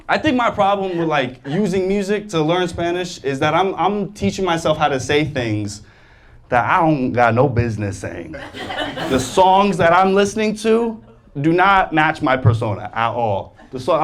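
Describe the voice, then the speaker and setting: A young adult man performing a stand-up comedy set on stage, animated, jumping into loud exaggerated voices for the people he quotes and laughing through his lines. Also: on the high side, moderate pace. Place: comedy stage before a live audience. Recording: live stage mic with clear audience noise. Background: audience laughter.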